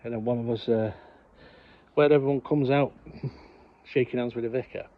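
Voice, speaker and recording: A man's voice: mid-range voice, steady tone, moderate pace. A man casually telling funny childhood stories outdoors, laughing at his own tales. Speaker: vlog co-host. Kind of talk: casual storytelling vlog. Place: outdoors on a hot sunny day. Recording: slightly dull lo-fi sound with faint background ambience.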